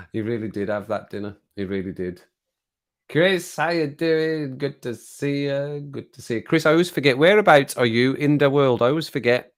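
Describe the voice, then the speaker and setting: A man's voice: mid-range voice, brisk. Brummie bloke rambling on his stream, cracking jokes and chuckling, middle-aged. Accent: Birmingham. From England. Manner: jokey, rambling, chuckles often. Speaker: livestream host. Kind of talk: casual chat to live chat.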